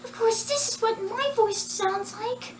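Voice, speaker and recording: A woman voicing a sweet, shy young female pop idol in a very high, light, timid voice. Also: a little slow, echoey room, recorded from a distance, a little hiss or hum.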